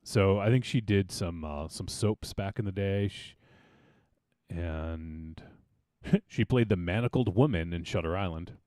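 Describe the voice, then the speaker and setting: A man's voice: low-pitched, a little slow, darkish tone, dry recording, studio quality. A man hosting a podcast, chatting casually about a film and rambling with many fillers and restarts. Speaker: podcast host.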